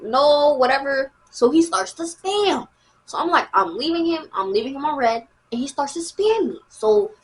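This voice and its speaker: Slangy woman telling a story to camera. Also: fairly high pitch. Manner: slangy, rambling, peppered with "bro" and "like"; animated retelling with exaggerated quotes. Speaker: vlogger.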